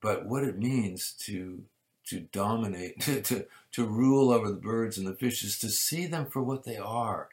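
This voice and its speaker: A man delivers a sermon in a low, gravelly voice. He speaks in measured phrases that rise to emphatic peaks and fall back to quiet asides. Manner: measured preaching with emphatic rises and soft drops. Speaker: pastor.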